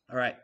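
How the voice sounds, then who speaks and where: Chatty man hosting a live stream. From Canada. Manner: chatty, reads viewer comments aloud, swings loud and quiet. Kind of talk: casual live stream chat.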